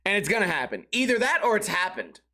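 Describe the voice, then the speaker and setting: High-voiced man telling crude stories. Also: big pitch swings, fast talker, pushed and bright. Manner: crude, rambling, laughs at his own jokes; acts out quoted voices with sudden pitch jumps. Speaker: podcast host. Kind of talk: solo comedic storytelling.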